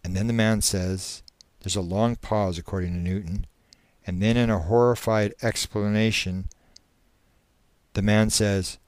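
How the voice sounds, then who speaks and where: A man giving a spoken lecture, retelling a case in a halting storytelling manner. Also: fairly low pitch, steady tone, no echo. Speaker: speaker recounting a case.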